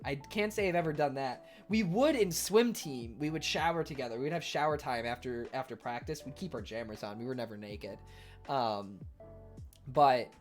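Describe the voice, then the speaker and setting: A young man chatting casually on his livestream in an animated, rambling way, full of fillers. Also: a little high. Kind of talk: casual stream chat.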